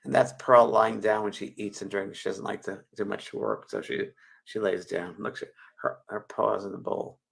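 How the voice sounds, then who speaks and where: A man's voice: fairly low pitch, moderate pace, vocal fry, fairly bright tone, husky. A man in his sixties, hosting a show and telling a heartfelt personal story in a rambling, emotional way with many restarts, speaking into a webcam. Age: 60s. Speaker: show host.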